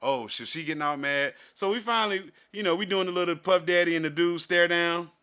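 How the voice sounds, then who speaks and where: Guy podcast cohost, animated and swearing a lot, bright sharp voice. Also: high voice, brisk, clear, resonant tone. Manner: animated storytelling, profane. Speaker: podcast co-host. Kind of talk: casual chat.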